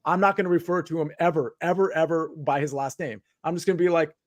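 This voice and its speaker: Chatty higher-voiced man, dry sound. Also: fairly even intonation, fast talker, dry recording. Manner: rambling, lots of filler likes and restarts. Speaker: podcast host. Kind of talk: casual live chat.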